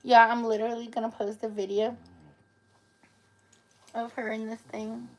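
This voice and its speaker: A woman's voice: fairly high pitch, little pitch movement, moderate pace, darkish tone. A woman chatting on a live stream, playful and cooing at her pets in baby talk. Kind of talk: casual live-stream chat.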